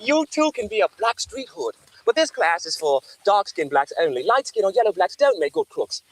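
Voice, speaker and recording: A brash spoof-ad announcer. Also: male voice, sits high, sing-song, normal speed, low-quality recording. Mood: salesy. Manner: salesy, punchy announcer delivery. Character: brash male announcer of a spoof acting-school ad.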